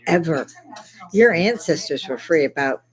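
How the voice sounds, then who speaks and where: A woman's voice: sits low, lively intonation, unhurried, low-quality recording. An older woman hosting a casual monologue, ranting angrily in a blunt, profane way. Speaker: host.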